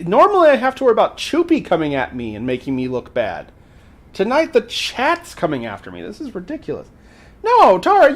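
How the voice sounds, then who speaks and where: A high-voiced man hosts a livestream, telling a folk tale casually while bantering with the chat in an animated, exasperated manner.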